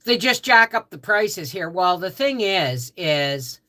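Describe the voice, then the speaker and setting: A woman's voice: lowish voice, very animated, slow pace, pushed and bright. A Canadian woman hosting a casual homestead livestream, greeting viewers by name in a chatty way, just out of bed. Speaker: livestream host.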